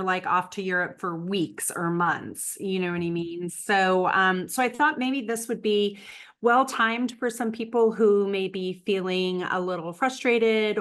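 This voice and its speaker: A woman's voice: mid-range voice, fairly bright tone, clean tone. A middle-aged woman guest photographer chatting casually, with many fillers and a friendly, talkative manner. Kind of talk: casual chat. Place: event space studio.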